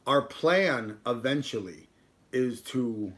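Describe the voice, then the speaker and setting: A man's voice: medium pitch, expressive, takes it slowly. A man hosting a casual live stream, rambling and joking while he talks to his dog and to the chat. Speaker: livestream host.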